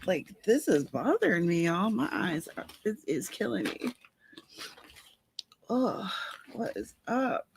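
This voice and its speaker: A woman speaks slowly in a sing-song, mid-range voice that is creaky and a little mellow, pausing often, with a bit of hiss or hum. The author hosts a casual writing livestream via headphones with a mic, chatting with viewers by name and lamenting her watering eye.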